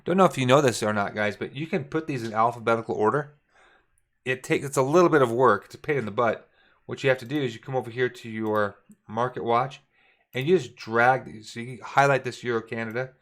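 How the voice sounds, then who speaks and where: A man at a middle pitch leads a casual chart walkthrough for his viewers. He thinks aloud, corrects himself mid-sentence and speaks to the audience directly in a relaxed coaching tone. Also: a little fast. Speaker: forex trading coach.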